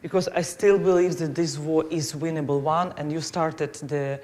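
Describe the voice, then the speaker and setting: A woman's voice: low voice, steady tone, moderate pace, dark tone. A woman with a Ukrainian accent, a native Ukrainian speaker, answering as a conference panelist in earnest, non-native phrasing.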